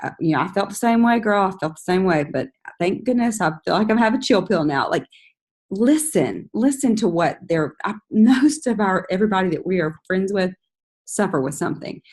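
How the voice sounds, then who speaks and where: A woman leading a team call, giving energetic, coaching advice in a casual motivational talk, sometimes acting out chatty friendly messages. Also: brisk. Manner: energetic, coaching, acts out chatty quotes in a higher voice. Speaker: team leader giving sales tips.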